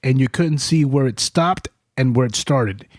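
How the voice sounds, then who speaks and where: A man hosting a podcast, telling stories in a profane, animated, casual way. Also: mid-range voice, normal speed, no echo, clean studio sound. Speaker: podcast host. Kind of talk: casual chat. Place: studio.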